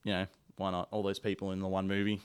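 A man's voice: low-pitched, completely flat delivery, fast, clear, resonant tone. A man co-hosting a casual podcast chat, laid-back and wry. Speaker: podcast co-host.

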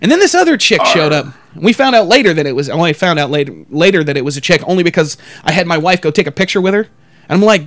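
Profane, high-voiced male podcast host. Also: lively intonation, quick pace, a bit bright, dry recording. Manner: profane, rambling, acts out quotes in exaggerated voices. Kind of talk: crude comedic storytelling.

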